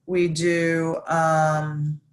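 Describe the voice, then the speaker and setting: A woman chef, chatting casually and enthusiastically on a live stream, with lots of restarts and excited asides. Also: low-pitched, extremely slow. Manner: animated, gushing, chatty with many restarts. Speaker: celebrity chef guest.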